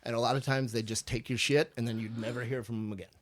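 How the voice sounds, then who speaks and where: A man's voice: medium pitch, level tone, fast, crowd noise. A middle-aged man from Chicago telling a long, rambling story on a podcast in a basement. He swears freely and acts out what people said.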